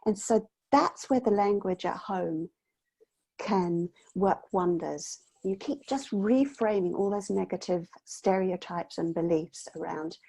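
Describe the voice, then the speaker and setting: Warm, husky-voiced woman coaching parents. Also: lowish voice, slow. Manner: earnest, explanatory, acts out children's voices. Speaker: mindset coach, guest. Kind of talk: casual interview chat. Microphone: video call.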